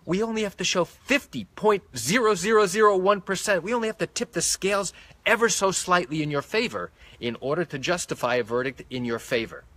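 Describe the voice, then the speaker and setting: A man's voice: sits high, expressive, a little fast, fairly bright tone, dry recording. Methodical male lawyer explaining live. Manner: methodical, counts points off by number. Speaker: medical malpractice lawyer. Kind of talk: live-streamed legal explainer. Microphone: phone held close.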